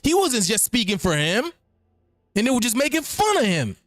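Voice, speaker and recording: A man with a high voice that swings widely as he hosts, rambling and repeating himself. The sound is dry and close, with faint music underneath. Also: moderate pace, no room sound. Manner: animated, rambling, repeats phrases. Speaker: host. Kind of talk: freewheeling spoken commentary.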